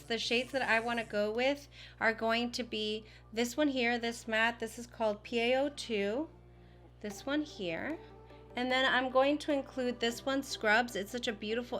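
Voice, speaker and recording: A woman's voice: fairly high pitch, a bit bright. A woman talking casually through a makeup tutorial, gushing and chatty with lots of fillers. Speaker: beauty vlogger.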